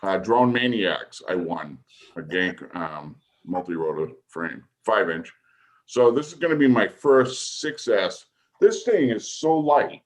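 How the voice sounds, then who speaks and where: A man talks in a relaxed group chat, joking and bantering with friends. His voice sits low. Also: slow. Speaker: panelist.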